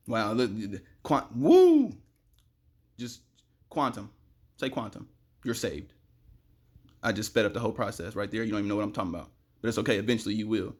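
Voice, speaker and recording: Fast-talking man preaching to camera. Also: fairly low pitch. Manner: fast, excitable, preachy, sudden loud outbursts. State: sweating in the heat. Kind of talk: rambling spiritual monologue to camera.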